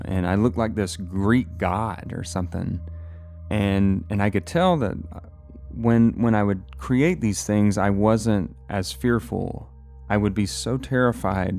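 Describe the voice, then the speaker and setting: A man with a low, gravelly voice tells a personal story in a halting way, doubling back on his words. His tone is dark and mellow. Faint music plays behind him. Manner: halting, repeats words, emotional retelling.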